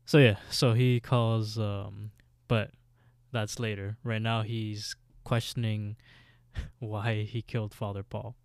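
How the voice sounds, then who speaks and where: A man's voice: lowish voice, little pitch movement, slow pace, no room sound, studio quality. A man co-hosting a podcast in casual chat, often laughing and joking about the characters. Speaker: podcast co-host.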